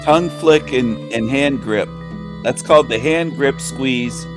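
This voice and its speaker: A man's voice: medium pitch, measured pace, music in the background. A man mocking a video he is reacting to, sarcastic and crude.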